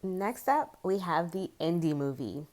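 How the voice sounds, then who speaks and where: A woman's voice: lowish voice, animated, a little slow, darkish tone. A woman in her forties, chatting casually to camera as a tarot video creator, rambling and chatty, with frequent giggles.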